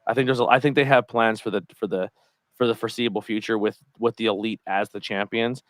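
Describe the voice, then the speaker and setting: A man's voice: fairly low pitch, fairly even intonation, quick pace, no room sound. A man co-hosting a podcast, chatting casually and rambling, hedging his points as he goes. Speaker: podcast co-host. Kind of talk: casual chat.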